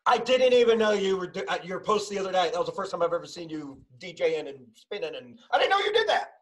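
A man's voice: high-pitched, sing-song, fast, low-quality recording. A man in his forties hosting a podcast, talking in an earnest way and relating personal stories. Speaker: podcast host. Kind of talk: casual conversation.

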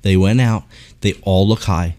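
A man's voice: low-pitched, moderate pace. Profane storytelling man. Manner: profane animated storytelling, acting out people. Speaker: podcast host. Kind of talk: casual chat.

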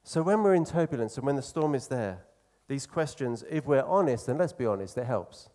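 A man preaching a sermon in an earnest, conversational way, slowing down to stress key phrases. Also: medium pitch, lively intonation, warm tone.

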